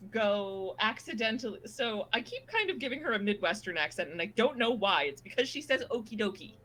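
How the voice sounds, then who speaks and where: A woman's voice: a little high, big pitch swings, a little fast, a bit bright, rough recording. A woman co-streaming a game, chatting casually and joking about the story. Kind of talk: casual chat.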